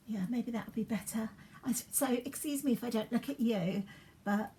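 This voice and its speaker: A woman chats in a rambling way as she styles her hair for a get-ready-with-me vlog at home, dropping into soft asides. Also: on the high side, steady tone, moderate pace, slight background noise. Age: 50s. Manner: chatty, rambling, drops into soft asides while working. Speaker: beauty vlogger.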